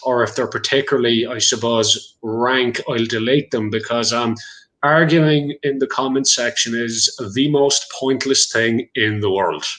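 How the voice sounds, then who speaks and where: A man's voice: mid-range voice, steady tone, unhurried, a bit bright, low-quality recording. A man with a rural Leinster Irish accent hosting a livestream chat over a video call, rambling with lots of fillers. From Ireland. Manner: rambling, many fillers, laughs easily. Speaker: livestream host. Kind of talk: casual chat.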